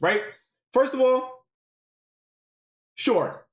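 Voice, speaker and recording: A high-pitched man gives animated commentary to his stream chat. His voice swings up and down, and he keeps tossing in "right?" and curses. A roomy echo hangs around him. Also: moderate pace. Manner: animated, keeps checking in with 'right?', swears freely.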